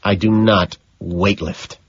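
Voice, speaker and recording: A man's voice: on the low side, big pitch swings, normal speed, breathy edge, no room sound, dull audio, heavily acted. A man voicing a vain, volatile young man in an audiobook, sneering and cold. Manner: cold, sneering, rising to anger. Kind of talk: audiobook character reading.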